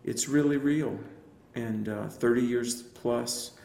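Gravelly man with earnest testimony. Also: medium pitch, slow pace, darkish tone, echoey room. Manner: earnest, reflective storytelling with frequent fillers. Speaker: evangelist and apologist guest. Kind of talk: personal testimony in a radio interview.

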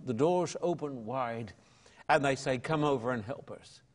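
An older Australian man, an evangelist and pastor, answering interview questions in a fervent, preacherly way. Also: a little high.

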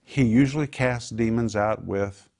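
A male preacher delivers a sermon in a lively, emphatic style, firing rhetorical questions at the congregation and answering them himself. His voice sits at a middle pitch, rising sharply for emphasis and dropping low for weight. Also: a little slow, gravelly.

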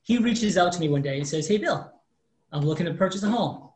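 A man's voice: sits high, brisk. A man in his fifties, a mortgage professional, telling a story in an interview and acting out the people in it. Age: 50s. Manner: animated storyteller acting out quoted dialogue. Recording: roomy echo.

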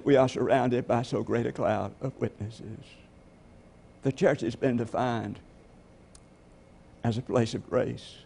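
A man's voice: medium pitch, creaky, warm tone, breathy edge. A man preaching a sermon as pastor, telling stories and asking the congregation rhetorical questions.

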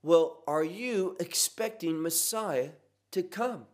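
A man's voice: on the high side, slow. A man teaching a sermon verse by verse, earnest and emphatic, asking the listeners rhetorical questions. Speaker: pastor. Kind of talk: expository Bible teaching.

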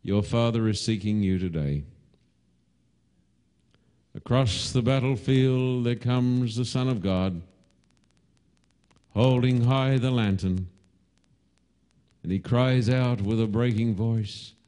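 With a mid-range voice, a male preacher unfolds a story at a slow, dramatic pace, breaking into loud cries whenever he gives voice to the calls.

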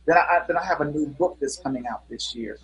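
Earnest middle-aged man, slightly high voice. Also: a little fast, a bit bright, low-quality recording. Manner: earnest, many "you know" fillers. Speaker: guest musician. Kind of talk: casual interview storytelling.

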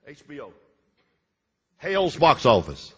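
A man preaching a fervent sermon in a church sanctuary, his voice husky and bright, swinging widely in pitch. The sound carries the long reverb of the hall as he repeats lines and swings between loud bursts and hushed asides. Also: wildly swooping pitch, takes it slowly, muffled recording. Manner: fervent, repetitive, with sudden loud bursts and drops. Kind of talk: Pentecostal-style sermon.

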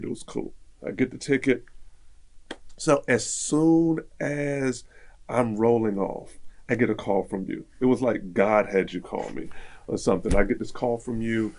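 A man telling a personal story in casual conversation, acting out the voices of people in it. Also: mid-range voice. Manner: animated, acts out quoted dialogue.

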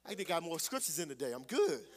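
A man preaching a sermon as pastor, calling out to the congregation and swelling loud on scripture. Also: a little high, sing-song, quick pace.

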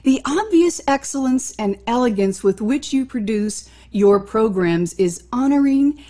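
A woman's voice: fairly high pitch, expressive, unhurried, warm tone. A woman hosting an interview, welcoming her guest in flowery, formal phrasing. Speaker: interview host.

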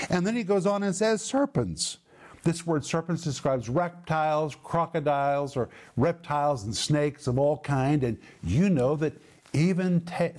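A middle-aged man teaching from the Bible on a TV program, slow and emphatic, dropping low at the ends of verses. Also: a little mellow.

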